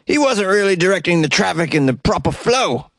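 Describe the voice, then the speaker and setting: A man doing a stuffy English police inspector with a put-on accent, reading out an officious report in a lifted, somewhat higher voice. The sound is dry and close, with no room behind it. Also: very animated, fairly quick, a bit bright, dry recording, exaggerated voice. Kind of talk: comedic quote reading.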